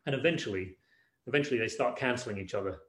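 A man's voice: mid-range voice, fast talker, fairly bright tone. A male pastor preaches in an easygoing, conversational way, circling back on his words as he thinks aloud. His voice sits in a middle register. It echoes around a roomy church hall. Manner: conversational, repeats words while searching. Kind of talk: sermon.

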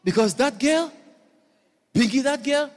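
A middle-aged man from Ghana with a Ghanaian accent, a bishop preaching a sermon built on a personal story, animated, laughing often and breaking into shouts. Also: very high voice, unhurried. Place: church hall. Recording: church hall reverb, faint music.

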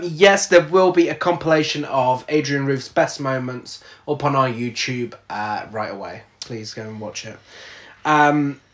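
A podcast co-host recapping a film in casual chat, laughing often and swearing freely. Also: mid-range voice. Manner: giggly, swears freely, recaps plot with quoted lines.

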